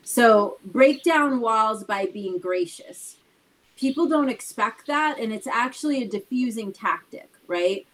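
A woman's voice: a little high, lively intonation, measured pace, fairly bright tone, poor audio. A woman hosting a casual talk show, explaining her points earnestly and checking in with "right?". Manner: earnest, talks things through with repeated "right?". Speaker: host.

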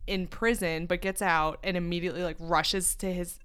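Chatty woman with a smooth voice. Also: fairly low pitch, moderate pace. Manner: animated retelling with acted-out quotes. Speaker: podcast co-host. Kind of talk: casual chat recapping a drama series.

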